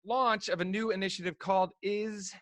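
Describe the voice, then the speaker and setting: A man co-hosting a podcast, teasing the others with wry, deadpan jokes in casual banter. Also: high-pitched, moderate pace, no room sound. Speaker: podcast co-host.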